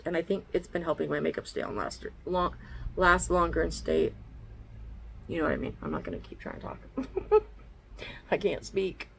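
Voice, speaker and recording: A woman's voice: on the low side, gravelly, slight background noise, poor audio. A woman chatting bluntly in a casual makeup vlog at home, swearing freely as she talks through each step. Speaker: beauty vlogger. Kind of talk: casual get-ready-with-me chat. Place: her bedroom at home.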